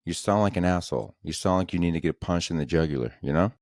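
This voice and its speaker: Young guy ranting on his podcast, real low voice, crude and sarcastic, dry close sound. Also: quick pace, a little mellow, no room sound. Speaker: podcast host. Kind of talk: solo comedy podcast rant.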